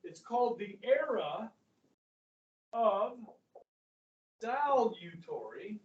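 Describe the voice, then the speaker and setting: A man's voice: high-pitched, animated, measured pace, recorded from a distance, dull audio. A middle-aged male history teacher lecturing a class in a chatty way, often checking in with his students. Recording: echoey classroom, voice from afar.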